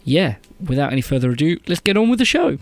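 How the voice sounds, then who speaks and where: A man hosting a casual radio chat, talking in a halting way with many ums and uhs. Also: a little high, big pitch swings. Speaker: podcast host.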